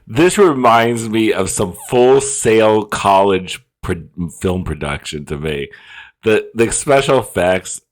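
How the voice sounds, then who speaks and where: A man from Florida with a Southern country accent, loudly reacting to a movie in casual commentary. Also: takes it slowly. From Florida, USA. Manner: loud, excitable, swearing, jumps to high squeals. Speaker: reaction video host.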